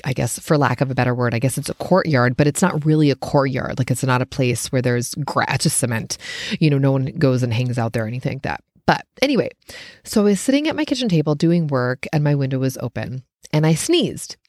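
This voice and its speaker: Animated, laughing woman telling a story. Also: a little fast, dry recording, studio quality. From United States. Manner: animated and expressive, laughs often, pitch jumps up when excited. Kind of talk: casual storytelling monologue.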